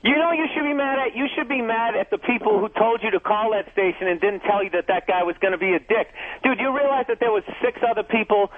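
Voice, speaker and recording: A man's voice: high-pitched, fast, hardly any pauses. A man comedian ranting profanely and defensively in a heated on-air argument, heard over a tinny phone line. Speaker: comedian guest.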